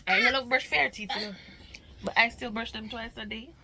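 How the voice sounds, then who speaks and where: A Jamaican woman talks in a casual vlog, her voice sharp and bright and sitting a little high. She is chatty and openly emotional, and slips between patois and English as she speaks. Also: fairly quick, slight background noise, poor audio. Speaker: mother and vlogger.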